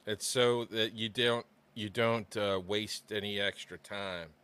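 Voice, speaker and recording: A man's voice: lowish voice, steady tone, slow pace, sharp tone, smooth, no echo. A man co-hosting a casual podcast chat, rambling with lots of fillers and restarts.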